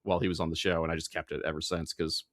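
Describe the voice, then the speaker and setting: A man's voice: extremely low pitch, little pitch movement, racing, fairly bright tone, dry recording, clean studio sound. A man hosting a casual chat, rambling with lots of fillers. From American Midwest. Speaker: host.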